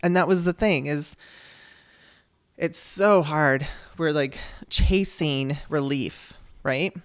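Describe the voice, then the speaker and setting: A woman's voice: sits low, takes it slowly, clean tone, dry recording. A woman hosting her own podcast, telling a personal story in a candid, conversational way and acting out the dialogue she quotes. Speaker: podcast host.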